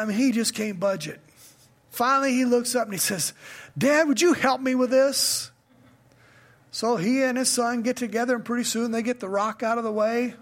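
A male pastor preaching a sermon in a conversational style that builds to emphatic questions. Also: very high voice.

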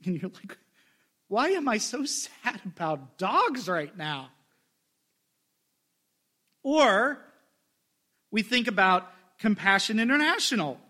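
A man's voice: high-pitched, sharp tone. A male pastor preaching a sermon in a conversational way, with joking asides.

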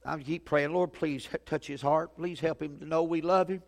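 A man preaching a sermon as a pastor, telling a story that swings from loud urgency to hushed quiet. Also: fairly high pitch, fairly even intonation, moderate pace, vocal fry. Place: church sanctuary. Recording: long hall reverb.

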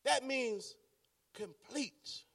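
A man's voice: extremely high pitch, extremely slow, fairly bright tone, no echo, studio quality. A man preaching a sermon in a church, repeating his phrases for emphasis and calling out to the congregation, heard from a distance. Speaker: pastor.

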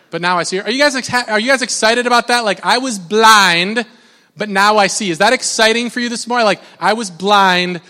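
A male pastor preaching to his congregation with a high, bright voice. He talks in a loose, conversational way, full of fillers and restarts, and calls on the listeners to answer him. The voice rings out with a long reverb from a church hall. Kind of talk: sermon.

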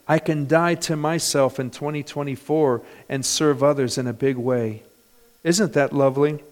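A male pastor preaching a sermon in a church, animated, with bursts of loud emphasis. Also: medium pitch, moderate pace.

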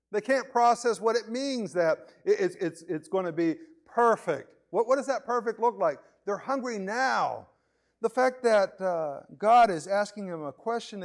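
A man preaching a sermon in a conversational way, often repeating words as he starts a phrase. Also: high voice. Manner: acts out voices of others in his examples.

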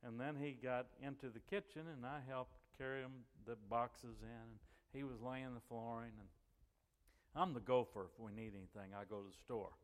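A man's voice: medium pitch, normal speed, big-room sound. A middle-aged man telling a chatty church story, acting out what people said and laughing as he goes. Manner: chatty and animated, acts out quoted voices and laughs as he goes. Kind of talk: folksy anecdotal storytelling.

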